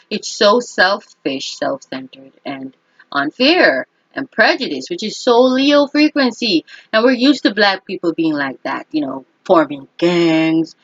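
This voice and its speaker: A woman's voice: mid-range voice, a bit bright, no room sound. A woman talking in a casual, opinionated monologue as an astrologer, speaking emphatically and often checking in with "okay?". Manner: emphatic, keeps asking "okay?". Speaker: astrologer and vlogger. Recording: dull lo-fi dry recording.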